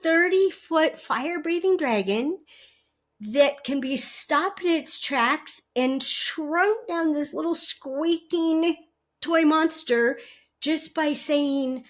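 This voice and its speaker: A woman with a high, bright-pitched voice talks as an interview guest. She tells stories animatedly, laughs often and acts out what others said. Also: lively intonation, takes it slowly. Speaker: guest relationship educator. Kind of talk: conversational interview storytelling.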